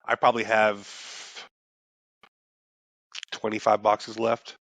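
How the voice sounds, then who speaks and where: Man, young adult, podcast co-host, bright tense voice, rambling, swearing, dry close sound. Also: lowish voice, monotone, slow pace, dry recording. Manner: rambling, swears freely, restarts sentences. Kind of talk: casual chat.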